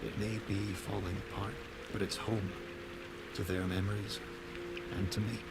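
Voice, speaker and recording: Guy doing a low solemn game character, flat slow delivery. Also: loud music behind the voice, lightly acted. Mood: wistful.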